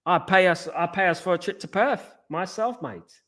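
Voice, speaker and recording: A man's voice: sits high, normal speed, a bit bright, pitched above the performer's own voice. A man putting on a mocking impression of a boastful, arrogant Australian male football manager in a put-on Australian accent. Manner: mocking, repeats "mate" after every line.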